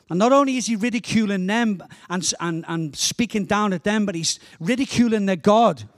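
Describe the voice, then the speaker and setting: A man's voice: high-pitched, lively intonation, a little fast, hardly any pauses. A man with a Liverpool accent preaching a passionate sermon as a guest speaker, often repeating words as he builds up his points.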